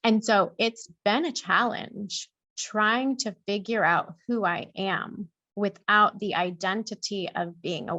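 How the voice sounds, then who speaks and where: A woman guest on a podcast, speaking slowly and thoughtfully in a reflective interview. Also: mid-range voice, vocal fry, dry recording, highs cut off. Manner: slow, soft and thoughtful.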